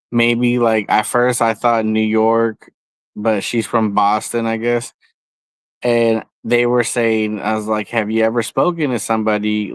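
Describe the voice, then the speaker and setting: A man talking slowly and loosely to his stream audience, rambling along with lots of fillers, restarts and casual swearing. His voice sits a bit low and comes across smooth and clean. The sound is dry and close. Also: fairly bright tone, no echo. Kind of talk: casual chat.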